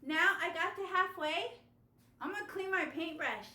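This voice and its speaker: A woman teaching children a step-by-step painting lesson over a video call, animated and coaxing. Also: very high-pitched, normal speed, roomy sound. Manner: animated, gasping with delight, coaxing young kids. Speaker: art teacher.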